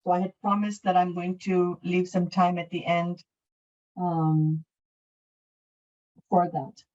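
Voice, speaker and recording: A woman's voice: lowish voice, flat delivery, takes it slowly, a little mellow, distant mic, highs cut off. A middle-aged woman from Canada teaching an English class online, explaining in a friendly way with many fillers and restarts. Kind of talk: online class, answering questions.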